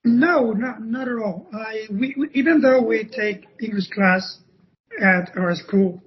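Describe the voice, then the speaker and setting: A Spanish-speaking man from Cuba with a Cuban Spanish accent, a podcast guest telling stories in a halting way that often restarts phrases. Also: high voice, noisy background. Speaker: podcast guest, former ballet dancer. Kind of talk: conversational interview storytelling. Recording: dull lo-fi podcast audio.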